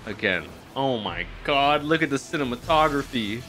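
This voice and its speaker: A young man reacts to an anime on camera in casual, slangy talk with the odd curse. His voice jumps from hushed, awed murmurs to loud, excited outbursts. Faint music plays behind him. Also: mid-range voice, moderate pace. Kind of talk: live reaction commentary.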